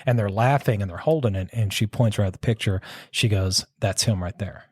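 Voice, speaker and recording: A man's voice: lowish voice, a little fast, a little mellow, slightly rough, no echo. A man casually telling a long ghost story, rambling and circling back with "so anyways.". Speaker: podcast host telling a story.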